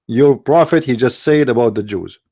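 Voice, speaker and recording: This live-stream host argues with callers, mocking his opponents through sarcastic, taunting rhetorical questions spoken into a computer mic. He has a mid-range, dark-toned voice and keeps a moderate pace throughout the polemic monologue.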